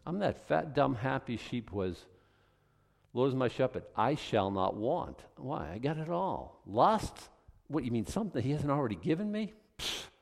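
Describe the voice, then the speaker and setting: A man's voice: medium pitch, gravelly, in a large hall. Fired-up man preaching. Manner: conversational, with quick asides. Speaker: pastor. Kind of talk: expository Bible teaching.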